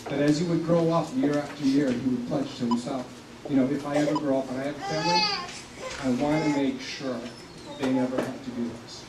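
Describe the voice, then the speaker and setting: In an echoey hall, far from the microphone and amid background noise, a South Texas man in his seventies addresses the public as a community organization leader. He speaks in a mid-range voice, earnest and passionate, occasionally choking up with emotion.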